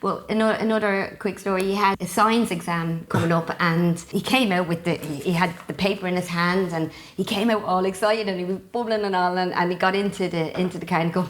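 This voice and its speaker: A woman's voice: lowish voice, brisk, hardly any pauses. Irish woman telling family stories. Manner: lively, warm storyteller who laughs often. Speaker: guest. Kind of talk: casual storytelling chat.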